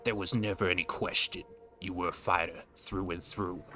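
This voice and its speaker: A man voicing a tough male brawler in a game, with a slow, growling mock-tough accent. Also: low voice, steady tone, pushed and bright, soft background music, pitched below the performer's own voice, full character voice. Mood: gruff.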